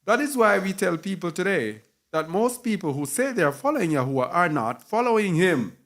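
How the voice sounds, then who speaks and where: A man's voice: sits high, big pitch swings, a little fast, fairly bright tone. A man teaching a sermon with emphasis, repeating key words and spelling some out letter by letter. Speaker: Bible teacher.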